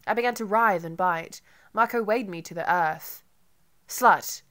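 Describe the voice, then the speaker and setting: A woman narrating an audiobook in an intimate, measured first-person reading. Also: mid-range voice, a bit bright.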